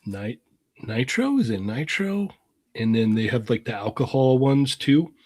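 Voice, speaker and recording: A man co-hosting a podcast, telling a lively story and acting out voices and engine sounds. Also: medium pitch, measured pace, no room sound. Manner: animated storyteller, acts out quotes and sound effects. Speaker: podcast co-host. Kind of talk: casual storytelling.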